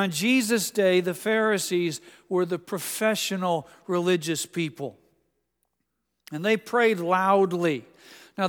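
A man preaching a sermon in a church, telling stories with gentle humor. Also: sits high, clean tone, big-room sound. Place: church sanctuary.

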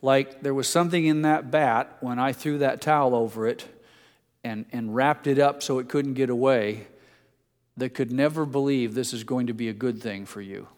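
A male pastor preaching a sermon in a conversational way, mixing homely anecdotes with passages where he drops to a soft, hushed emphasis. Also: medium pitch, steady tone, normal speed. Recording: long hall reverb.

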